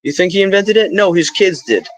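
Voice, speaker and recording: A man's voice: high voice, brisk, poor audio. Rambling middle-aged man live streaming. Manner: rambling, stream-of-consciousness with spiritual asides.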